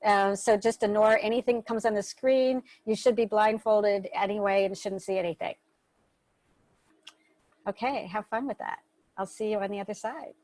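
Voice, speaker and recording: A woman's voice: medium pitch, fairly even intonation, moderate pace, a little mellow, no room sound, rough recording. A woman hosting an online workshop over a video call, giving casual spoken instructions in a loose, chatty way with the odd swear word. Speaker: workshop host.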